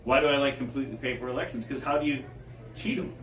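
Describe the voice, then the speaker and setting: Animated man telling stories in an echoey room. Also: medium pitch, fast. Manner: animated, chuckling storyteller. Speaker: guest speaker. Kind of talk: storytelling public talk. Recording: echoey room, distant mic, faint background noise.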